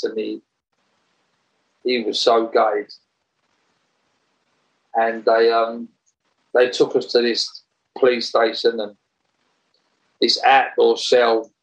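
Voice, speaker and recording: A man recounting a story in a casual interview, animated and rambling, often laughing as he talks. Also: medium pitch, poor audio. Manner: animated, laughs while telling, rambling restarts. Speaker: interview guest.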